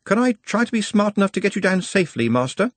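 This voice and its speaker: A man's voice: sits high, sing-song, fast talker, dry recording, pitched above the performer's own voice. A man voicing a young, eager, politely deferential servant boy in an audiobook. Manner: earnest, cheerfully deferential. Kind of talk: audiobook character voice.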